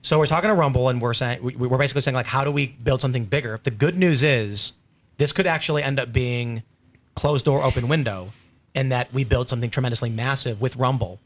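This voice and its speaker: A man's voice: medium pitch, fast. A man hosting a casual panel talk show, rambling through stories and reading viewer messages. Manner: rambling, storytelling with acted quotes. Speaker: host.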